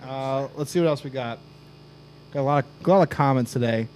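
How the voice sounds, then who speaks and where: A man's voice: medium pitch, fairly quick, darkish tone. A man hosting a casual podcast, loosely reading out viewer comments and joking with his co-hosts. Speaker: podcast host. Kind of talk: casual chat.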